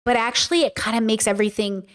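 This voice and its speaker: Woman, high-pitched, casual commentary host, rambling, animated, lots of fillers, mimics voices. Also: fast talker, clear, resonant tone. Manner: playfully mimics voices and quotes. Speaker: YouTuber and podcast host.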